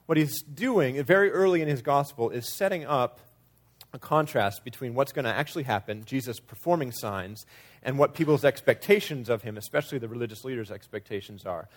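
A man's voice: mid-range voice, a little fast. A man preaching a sermon in a conversational way, sometimes acting out quoted lines with changing emphasis. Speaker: pastor.

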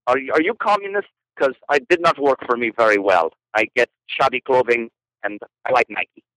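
A playful, deadpan mock-Russian character who teases with slow, odd phrasing, which a man puts on mid-conversation. The sound is close and dry, with no room around it. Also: medium pitch, dry recording, close to an everyday voice, poor audio. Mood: teasing. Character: put-on outrageous Russian man, teasing. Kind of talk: comic impression in conversation.

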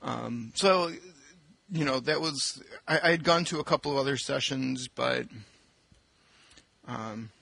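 A man's voice: mid-range voice, measured pace, vocal fry, pauses often, sharp tone. A man co-hosting an education podcast, talking casually and chattily with plenty of ums. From Michigan, US. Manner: chatty, self-deprecating, fillers. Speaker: podcast co-host, school administrator. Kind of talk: casual chat. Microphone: desk microphone.

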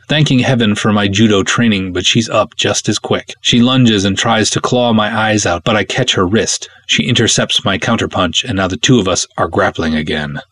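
A man, the show's host, reading a wry first-person pulp adventure story aloud with lively drama. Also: lowish voice, no echo.

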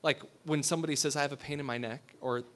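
A pastor giving a sermon. He talks in a conversational way, asks his listeners questions and drops to a hush for emphasis. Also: on the high side, fairly even intonation, fast talker.

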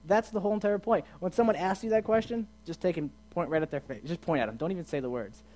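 A man giving a casual sermon as a youth pastor, chatty and asking his listeners questions, swinging from quiet to loud and emphatic. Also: high voice, quick pace. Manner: chatty, asks the audience questions.

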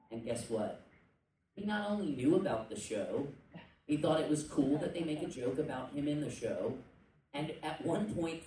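A man talking casually to a convention panel audience, rambling with jokey asides and quick tangents. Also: medium pitch, dark tone. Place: indoor convention panel room. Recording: echoey room, distant mic, faint noise.

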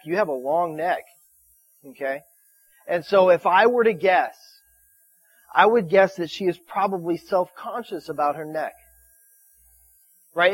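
A man's voice: high-pitched, dry recording, rough recording. A man preaching a sermon in a loose, conversational way, often restarting his words and checking in with his listeners. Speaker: pastor.

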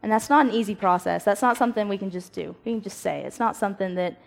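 A young woman gives a casual devotional talk to a youth group. She is animated, acts out quoted voices, and laughs at herself. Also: medium pitch, quick pace, gravelly, few pauses.

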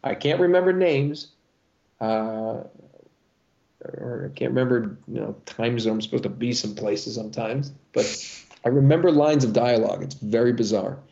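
Animated middle-aged male storyteller. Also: medium pitch, moderate pace, gravelly, dull audio. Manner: animated storyteller with many restarts. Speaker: voice actor guest. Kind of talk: interview chat.

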